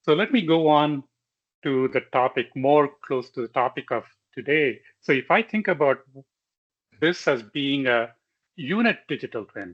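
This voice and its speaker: A male lecturer giving a technical slide presentation in a measured way, pausing often with fillers and correcting himself. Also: mid-range voice, fairly bright tone. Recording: slightly dull lo-fi audio.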